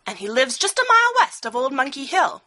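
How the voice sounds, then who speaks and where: A woman voicing a nosy, chattering male hornbill bird in a storybook reading, shrill and excited. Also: brisk, a little hiss or hum, exaggerated voice.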